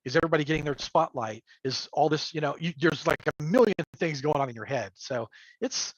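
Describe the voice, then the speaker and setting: A man with a slightly high voice chats as a game-master guest on a livestream. He rambles, stacks up fillers and chuckles between thoughts. His sound comes through a remote call mic and is muffled, lo-fi and dry. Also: lively intonation, fairly quick, no room sound. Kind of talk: casual livestream chat. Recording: dull lo-fi call audio.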